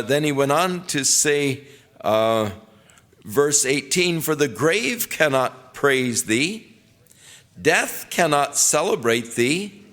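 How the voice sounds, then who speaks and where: A man's voice: mid-range voice, a bit bright. An older man, a pastor, teaching through the Bible verse by verse and retelling scripture in casual everyday words. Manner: conversational, paraphrasing scripture in casual everyday speech.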